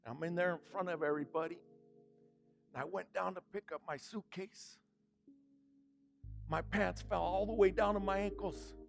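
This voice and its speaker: A brash, bragging businessman with a raised, high-set voice, as a preacher acts him out. He talks big, then turns loud and indignant, with soft music faint underneath. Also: fairly even intonation, normal speed, vocal fry, long pauses. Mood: aggrieved. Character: boastful middle-aged businessman, brash.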